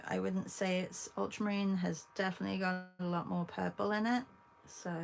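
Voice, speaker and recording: A woman with an English accent, hosting an art livestream, chatting casually with viewers while she paints and pausing often. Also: medium pitch, flat delivery, vocal fry, a little hiss or hum. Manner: chatty, talks to viewers between long pauses.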